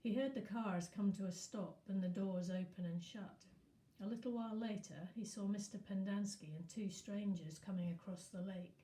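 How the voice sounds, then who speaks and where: A woman teacher reading a novel aloud in a steady storytelling manner. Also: mid-range voice, normal speed. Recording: echoey room.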